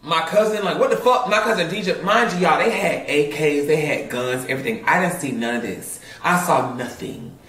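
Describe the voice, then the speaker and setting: A man's voice: a little high, moderate pace, few pauses, a bit bright. A man telling a story with lots of animation and laughter, swearing and mimicking other people. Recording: echoey room, mic far off.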